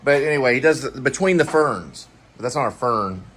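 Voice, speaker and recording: A man's voice: mid-range voice, expressive, brisk, a bit bright, slightly rough. A man co-hosting a casual home chat during a meal, rambling and searching for names as he talks. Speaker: co-host.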